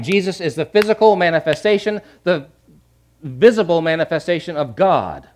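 A middle-aged male pastor preaching a sermon, repeating key phrases and swinging from hushed to loud. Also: a little high, expressive, moderate pace.

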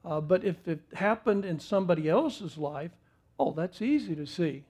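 A man's voice: high-pitched, animated, normal speed, a little mellow, breathy edge. A middle-aged man preaching a sermon and telling a folksy, self-deprecating story about his home life before turning to the text. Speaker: pastor.

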